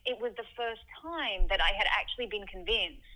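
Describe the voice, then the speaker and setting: Bright-voiced woman, animated interview guest. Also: medium pitch, a little fast, poor audio. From Yugoslavia. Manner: animated, frequent "like", shifts into quoted voices. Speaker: podcast guest. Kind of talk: candid conversational interview.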